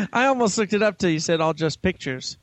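A man's voice: high voice, bright, forceful tone, dry recording. A man co-hosting a casual podcast, teasing and laughing easily. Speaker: podcast co-host.

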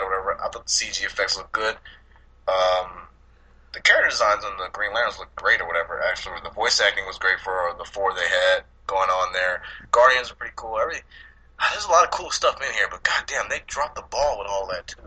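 A man's voice: low-pitched, quick pace, slightly rough, poor audio. A man co-hosting a podcast, chatting casually about movies with lots of profanity and laughter. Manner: profane, laughing, animated storytelling. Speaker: podcast co-host.

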